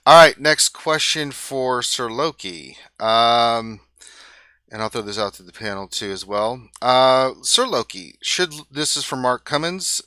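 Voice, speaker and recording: A man hosting a live gaming question-and-answer show, reading viewer questions in a brisk way and laughing easily. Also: medium pitch, animated, pushed and bright, dry recording. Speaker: host.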